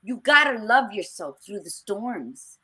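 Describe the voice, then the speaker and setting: A woman's voice: medium pitch, very animated, measured pace, sharp tone, breathy edge. A woman co-hosting a casual talk podcast, telling personal stories in a candid, blunt and emphatic way. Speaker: podcast co-host. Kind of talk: casual chat.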